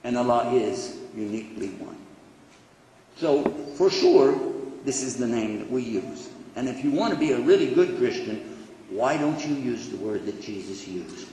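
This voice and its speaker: A man giving a religious lecture, explaining in an animated, conversational way. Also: medium pitch, normal speed. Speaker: Islamic lecturer. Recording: echoey hall, faint background noise.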